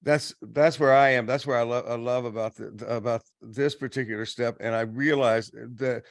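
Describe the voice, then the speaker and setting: A man sharing personally about recovery in a reflective, halting way, full of fillers. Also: mid-range voice, fairly even intonation, gravelly, no echo, clean studio sound. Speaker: recovery program teacher.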